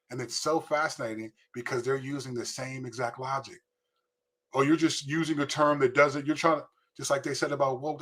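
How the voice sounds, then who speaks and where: A man's voice: mid-range voice, pushed and bright, breathy edge. A man who is a pastor, preaching emphatically to camera and repeating words as he presses his points.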